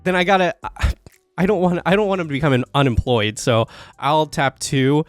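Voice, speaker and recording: A man's voice: a little high, expressive, moderate pace, no echo, clean studio sound, faint music behind. A man explaining his card plays with wry humor during a tabletop game. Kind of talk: casual tabletop game chat.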